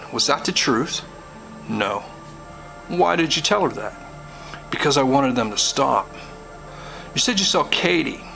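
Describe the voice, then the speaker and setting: A man with a bright, forward voice reads court testimony aloud, voicing both the questions and the answers. His delivery is plain and measured, with faint music underneath. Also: on the high side, creaky, rough recording. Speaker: host and narrator.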